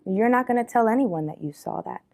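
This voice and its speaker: A woman's voice: a little high, animated, a little fast, darkish tone, pitched above the performer's own voice, natural voice. A woman voicing scheming religious leaders in a Bible story, talking in an insistent, conspiratorial way.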